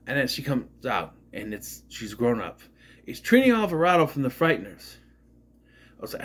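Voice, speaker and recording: A man in his thirties talks through a movie in a loose, rambling way. His pitch climbs and dips a lot as he goes. He keeps jumping in to act out lines from the scenes he retells. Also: big pitch swings, normal speed. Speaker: movie reviewer. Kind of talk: casual spoken movie review.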